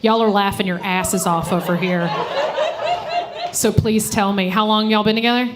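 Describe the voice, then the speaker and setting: A woman's voice: medium pitch, steady tone, normal speed, heavy background noise. A woman comedian doing a live stand-up set on a stage mic, brash and profane, teasing people in the audience. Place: live comedy show venue.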